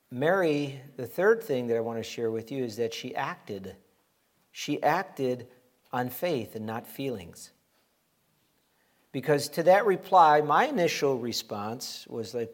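A middle-aged pastor preaches a sermon in a mid-range voice, animated and emphatic, acting out quoted voices.

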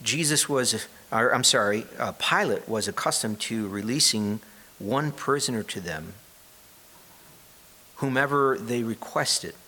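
A man's voice: medium pitch, pushed and bright. A man preaching a sermon, reading scripture aloud and explaining it in a conversational way, sometimes asking the listeners questions. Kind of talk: sermon, Bible teaching.

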